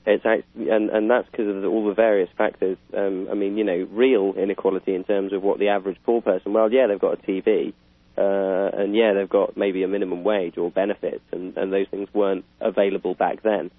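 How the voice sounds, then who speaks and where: A man's voice: deep voice, flat delivery, brisk, no room sound. A British man in casual political chat, rambling with fillers and chuckling. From Britain. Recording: tinny phone-like line.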